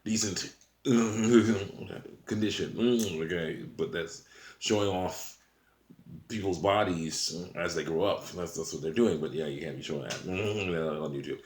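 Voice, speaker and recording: Chuckling frequently as he goes, a deep-voiced channel host works through a rambling, casual monologue in an unhurried, slightly mellow way. His low voice echoes as though the room around him is bare.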